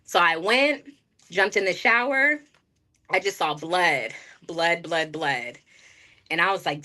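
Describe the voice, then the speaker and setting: A woman's voice: on the low side, lively intonation, slow, sharp tone. Frank, rambling woman streamer. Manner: rambling, frank, talks straight to chat. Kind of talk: candid livestream storytelling.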